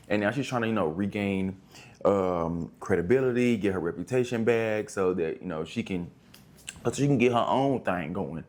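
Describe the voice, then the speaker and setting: A chatty young man talks through his monthly reads in a relaxed, rambling way and drops plenty of slang. His voice sits a little low. He often stops and restarts mid-thought. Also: moderate pace. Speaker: book reviewer. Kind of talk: casual book review vlog.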